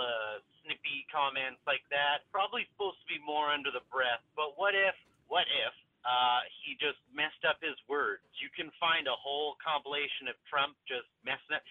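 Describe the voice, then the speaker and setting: A man's voice: fairly high pitch, dry recording. Male caller on a tinny phone line. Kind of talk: phoned-in voicemail.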